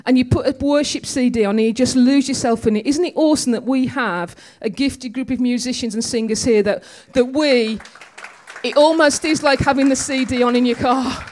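In a church, a woman preacher delivers a conversational, storytelling sermon with humor and a chatty manner. Her voice is high-pitched and a little mellow, at normal speed.

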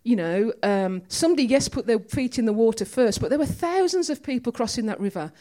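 Lady giving a chatty sermon, funny asides, highish voice. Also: expressive, brisk, mellow. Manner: chatty, storytelling, with humor. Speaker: preacher. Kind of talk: conversational sermon. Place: church.

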